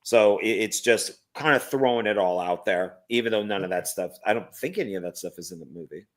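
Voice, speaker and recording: Halting older man on a stream. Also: on the low side, fairly bright tone. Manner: halting, repeats words when starting sentences. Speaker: co-host. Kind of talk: casual live-stream chat.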